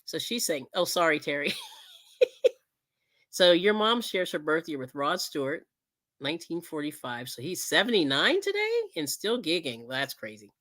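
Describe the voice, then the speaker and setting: Middle-aged woman, livestream host, low voice with lively swings, rambling friendly chat. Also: moderate pace. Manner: chatty, rambling, laughs often, reads out chat comments.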